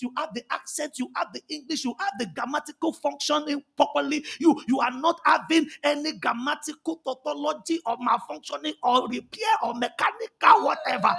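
Pastor in his 30s, high gravelly voice, fiery sermon delivery with loud bursts. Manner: preaching with shouted bursts and drawn-out emphasis.

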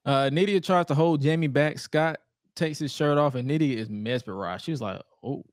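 Animated man recapping wrestling, dry mic. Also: fairly high pitch, moderate pace, dry recording. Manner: animated storytelling, acts out wrestlers' lines in goofy voices. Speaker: podcast co-host.

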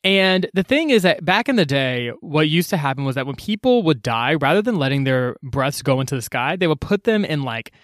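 A man's voice: fairly high pitch, big pitch swings, brisk, hardly any pauses, fairly bright tone, no echo, clean studio sound. A man casually recapping a story on a podcast, slangy and full of fillers, swearing offhandedly.

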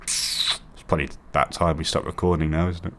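A man's voice: very deep voice, little pitch movement, a little fast, a bit bright. A man hosting a radio show, joking around in casual studio banter and playfully bossing his co-hosts.

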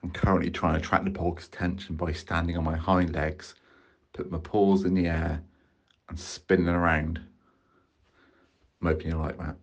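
Low-voiced, upbeat co-host who swears cheerfully. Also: male voice, level tone, normal speed, long pauses, lo-fi sound. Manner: cheerful, swearing, describes his actions. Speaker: podcast co-host. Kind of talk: comedic role-play banter.

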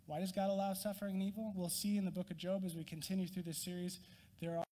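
A man preaching a sermon as a pastor, earnest, rising to emphatic peaks and dropping to quiet. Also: sits high, level tone, fast talker, big-room sound. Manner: earnest, rises in emphasis then drops quiet.

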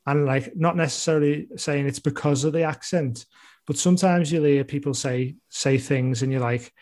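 Scouse male guest, conversational, slightly higher register, rambling anecdotes. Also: fairly even intonation, moderate pace, darkish tone. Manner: chatty, rambling, loose impressions of others. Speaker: comedian guest. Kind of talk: casual chat.

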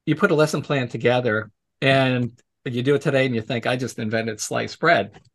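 A man's voice: medium pitch, steady tone, moderate pace, fairly bright tone. A man as an interview guest, casually telling stories from his teaching work, acting out the voices of people he quotes and laughing often. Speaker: podcast guest, educator.

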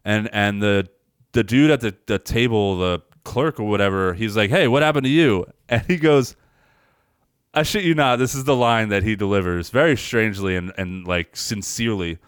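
A man co-hosting a podcast, casually recapping a movie scene and acting out the characters' lines in a higher voice. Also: normal speed, clear, resonant tone, no room sound, studio quality. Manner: rambling storyteller, acts out lines in a higher voice. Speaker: podcast co-host.

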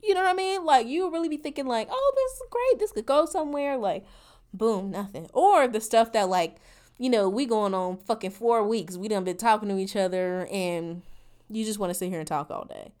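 A woman in her forties delivering a profane, exasperated comedic rant as a podcast host, voice swinging between loud outbursts and low mutters. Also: normal speed, clean tone.

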